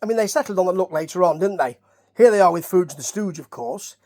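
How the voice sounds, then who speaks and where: A man's voice: high voice, animated, quick pace, a little mellow. Chatty Nottingham man rambling through reviews. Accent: Nottingham English. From Nottingham, England. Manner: rambling and chatty, with asides and questions to the listener. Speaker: wrestling reviewer. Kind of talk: casual rambling review commentary.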